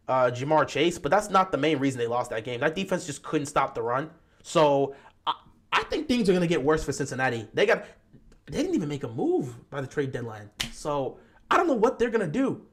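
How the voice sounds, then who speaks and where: Animated man streaming football talk. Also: fairly high pitch. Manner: animated, greets chat viewers. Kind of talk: live-stream sports talk.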